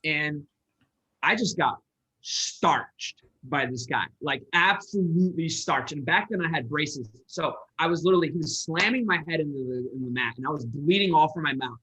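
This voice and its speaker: A man's voice: on the high side, normal speed, bright, forceful tone, slightly rough. A man from Michigan, a sales coach, telling a personal story in an earnest, rambling way with many restarts. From Michigan, USA. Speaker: guest, entrepreneur and sales coach. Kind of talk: personal storytelling in a podcast interview. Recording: dull lo-fi audio.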